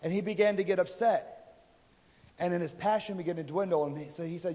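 A man's voice: sits high, steady tone, fast talker, dark tone. A man preaching a sermon, retelling a story in a casual, conversational way and voicing the people in it. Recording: reverberant hall.

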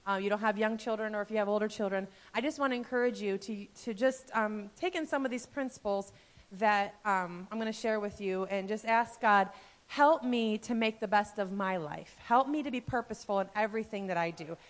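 A woman in her fifties, a pastor's wife, giving a heartfelt, earnest church message with fillers and soft laughs. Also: medium pitch, a little fast. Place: church sanctuary.

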